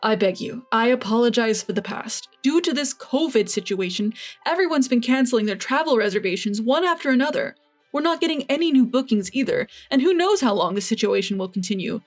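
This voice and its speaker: A man's voice: very high-pitched, animated, brisk, faint music behind. A woman reading as a desperate angry father-in-law. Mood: pleading. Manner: desperate, pleading then angry. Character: pleading then violent middle-aged father-in-law.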